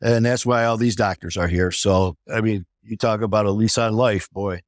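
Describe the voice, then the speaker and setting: A man's voice: on the low side, fairly even intonation, normal speed, no echo, studio quality. A man, a podcast guest, telling a personal recovery story and acting out the dialogue of the people in it.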